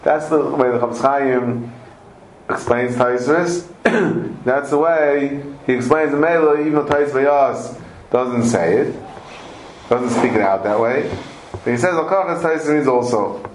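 A man's voice: mid-range voice, a little slow. Man, Talmud teacher, emphatic, repeats words, echoey room. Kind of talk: text-study class. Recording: echoey room with faint background noise.

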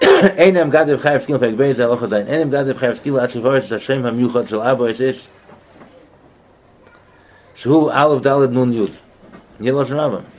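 A man giving an informal Torah study lesson, halting and repeating words as he mixes English with Hebrew and Aramaic terms. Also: medium pitch, poor audio. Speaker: Torah teacher.

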